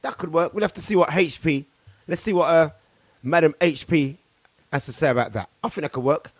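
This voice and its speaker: A man's voice: on the high side, fairly quick, dry recording. A man co-hosting a casual online radio show, teasing his partner and laughing often. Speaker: co-host.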